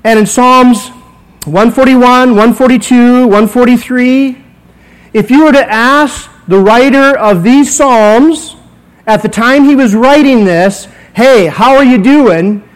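A man's voice: very high voice, takes it slowly, smooth, rough recording. A man in his forties, a pastor preaching a conversational sermon in a church, acting out little dialogues as he goes. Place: church sanctuary.

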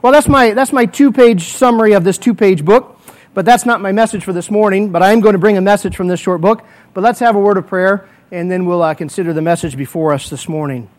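A male pastor with a high-pitched voice delivers a morning sermon in a church. He moves from earnest prayer to lively storytelling built on vivid what-if scenarios that he spins out for the congregation. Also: fast talker.

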